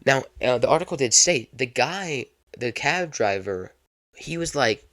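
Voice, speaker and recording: A man's voice: medium pitch, lively intonation, a little slow, fairly bright tone, no echo, clean studio sound. A young man hosting a casual solo podcast, rambling chattily and repeating his phrases. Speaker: podcast host.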